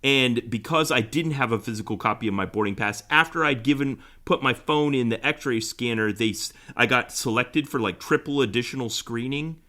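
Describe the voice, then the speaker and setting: Animated, laughing podcast co-host, man. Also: medium pitch, normal speed, few pauses. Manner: animated storyteller who laughs while telling anecdotes. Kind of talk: casual chat.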